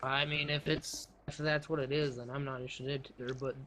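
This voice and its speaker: A man's voice: mid-range voice, little pitch movement, a little fast, a bit bright, poor audio. A man co-hosting a casual gaming podcast, rambling with lots of "like" and restarted phrases. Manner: rambling, heavy use of "like", restarts. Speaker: podcast co-host. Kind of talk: casual chat.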